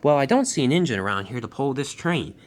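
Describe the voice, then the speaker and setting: A man's voice: mid-range voice, very animated, fast, natural voice. A man voicing a friendly, supportive engine in a storybook tale, speaking in an encouraging way.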